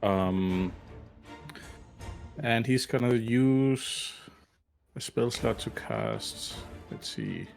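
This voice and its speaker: Slow, gravelly male player. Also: on the low side, huge pitch swings, faint music behind. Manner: hesitant, halting. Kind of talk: tabletop game play.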